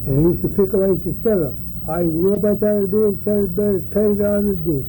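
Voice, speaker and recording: Older man, folksy rambling storyteller, somewhat high-pitched, very dark mellow tone. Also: fast, slight background noise, low-quality recording. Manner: rambling, folksy, acts out voices in his stories. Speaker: interviewee. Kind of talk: oral history storytelling.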